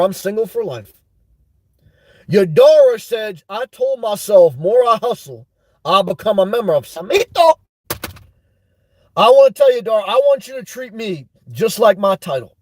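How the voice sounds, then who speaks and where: A middle-aged man runs a casual livestream, answering chat and laughing often. His voice sits fairly high for a man. The sound is dry and close to the mic. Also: a little mellow, no room sound. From New York. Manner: chatty, laughs often, reads comments aloud. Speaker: livestream host. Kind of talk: live chat shout-outs.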